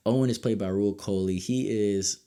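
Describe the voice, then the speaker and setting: A young man hosting his own show, reviewing a series in a casual, excitable way that swings from low mutters to loud outbursts. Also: brisk. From United States. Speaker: podcast host reviewing a show.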